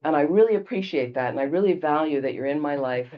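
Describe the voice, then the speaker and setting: A woman quoting a calm wife who gently soothes her stressed husband, speaking slowly and evenly. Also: deep voice, lo-fi sound. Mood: calm, gentle.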